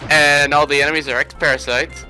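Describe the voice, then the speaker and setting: A man with a very bright, forceful voice chats casually over a game stream. He explains game details and laughs often, with faint game music behind him. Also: a little high, flat delivery, brisk, low-quality recording. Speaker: stream co-commentator. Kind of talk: casual chat over gameplay.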